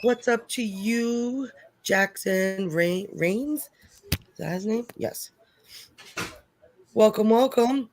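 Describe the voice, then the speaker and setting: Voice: medium pitch, takes it slowly, long pauses. A livestream host chatting casually and reading out viewer comments.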